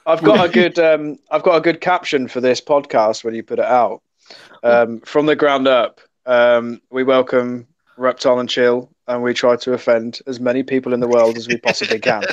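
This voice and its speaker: A man's voice: medium pitch, steady tone, normal speed, no echo, muffled recording. A British man, a podcast guest, teasing and laughing often in casual chat. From United Kingdom.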